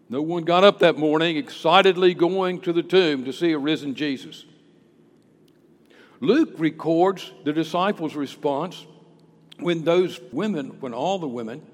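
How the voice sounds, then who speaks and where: Male pastor, husky, highish voice with lots of movement, dramatic sermon delivery, long hall reverb. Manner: dramatic, swings from hushed to loud.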